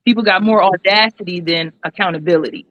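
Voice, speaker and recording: A woman's voice: lowish voice, fast talker. A woman talking emphatically and encouragingly in a casual group podcast chat. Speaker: podcast guest. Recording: dry, dull lo-fi call audio.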